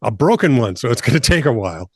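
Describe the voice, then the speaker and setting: A man's voice: mid-range voice, very animated, quick pace, darkish tone, no room sound, clean studio sound. An older man co-hosting a comedy news show, reading odd items in a wry tone and laughing often as he riffs on them. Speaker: co-host.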